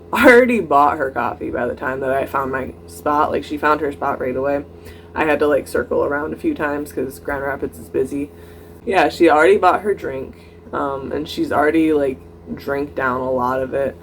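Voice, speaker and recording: Young adult vlogger telling a storytime. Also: slight background noise. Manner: animated retelling, acting out both sides of dialogue with rising pitch; frequent "like" and "I'm like" quotative fillers. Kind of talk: casual storytime vlog.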